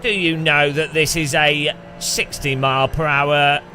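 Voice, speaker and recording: A man voicing a pompous, plodding British policeman who lectures slowly, with music playing behind. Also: fairly high pitch, fairly even intonation, bright, forceful tone, voice pushed down. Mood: lecturing. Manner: slow, droning, lecturing.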